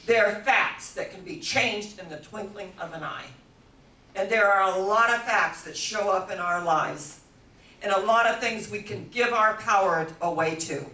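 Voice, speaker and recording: A woman's voice: mid-range voice, unhurried, bright, forceful tone. An older woman telling stories in a spiritual talk. She laughs easily and acts out the voices of the people she quotes. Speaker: spiritual speaker. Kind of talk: storytelling talk. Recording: echoey room, voice from a distance.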